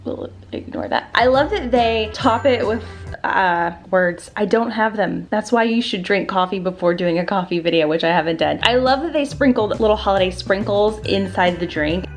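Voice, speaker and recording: A woman's voice: medium pitch, normal speed, faint music behind. A woman vlogging casually as she taste-tests drinks, chatty and playful, with rambling jokes. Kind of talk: casual taste-test vlog.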